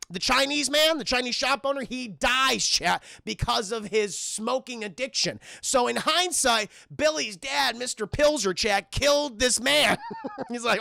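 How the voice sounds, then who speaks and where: A young man streaming a casual, profane spoiler recap, talking excitedly to his chat. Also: very high-pitched, gravelly, no room sound, studio quality. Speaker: streamer and film reviewer.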